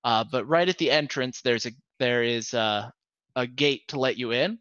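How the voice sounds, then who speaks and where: A man's voice: medium pitch, moderate pace, a bit bright, clear, resonant tone, no echo, lo-fi sound. A man narrating a tabletop game as game master, hesitant, with many fillers.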